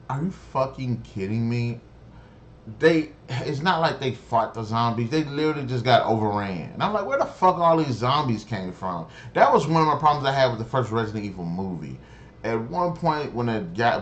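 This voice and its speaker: A man's voice: lowish voice, a little hiss or hum. A man giving a casual spoken review of a TV episode, rambling, swearing freely and sounding exasperated. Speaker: show reviewer.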